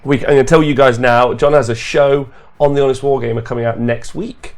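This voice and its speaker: A man's voice: mid-range voice, steady tone, brisk. A man hosting a gaming podcast stream, chatty and rambling, laughing often and hiccuping. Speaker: podcast host. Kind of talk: casual livestream chat.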